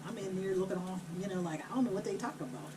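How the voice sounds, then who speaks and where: A woman vlogger telling a family story while cooking at home, animated, laughing and blunt. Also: mid-range voice, racing, recorded from a distance, noisy background.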